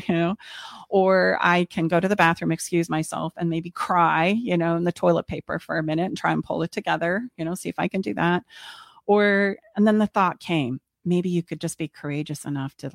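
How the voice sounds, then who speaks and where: A middle-aged woman co-hosting a podcast candidly tells a personal story, expressively acting out her own inner voice. Her voice sits low and gravelly, captured in a dry, studio-quality recording.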